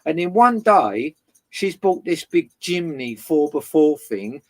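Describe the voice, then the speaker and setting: A guest tells a long neighbour feud story in casual chat. The voice sits in a middle register. The delivery is loud and lively, with constant swearing. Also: mid-range voice, slow. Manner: swears constantly, animated retelling.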